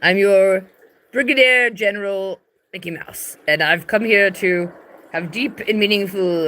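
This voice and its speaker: A woman's voice: medium pitch, unhurried, a bit bright, a little hiss or hum. A woman streaming live from a tent, rambling irreverently in a casual, swearing comic chat. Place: in a tent, sitting on her bed.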